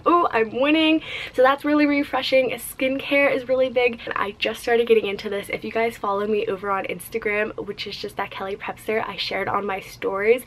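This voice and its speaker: A woman's voice: medium pitch, poor audio. Young adult woman, bubbly, upbeat, chatty vlogger, filler-heavy casual talk. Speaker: lifestyle vlogger.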